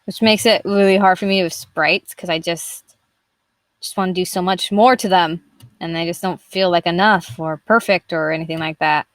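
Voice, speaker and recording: A woman's voice: on the low side, steady tone, moderate pace, dry recording. A young woman chatting casually and rambling while she streams herself drawing, swearing freely along the way. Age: young adult. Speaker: artist streaming her work. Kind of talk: casual live-stream chat.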